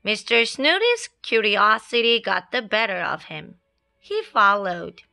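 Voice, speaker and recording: A woman reads a children's picture book aloud in a slow, lilting way. Her voice is bright and sweeps up and down with expression. Soft classical music plays faintly underneath. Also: mid-range voice, big pitch swings, gravelly. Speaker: storyteller.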